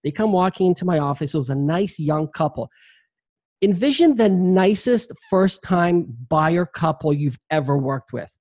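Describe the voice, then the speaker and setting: Man telling a lively career story. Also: sits high, moderate pace, no room sound. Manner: animated storyteller, acts out quoted voices. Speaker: real estate agent and video marketer. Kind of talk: storytelling in an interview.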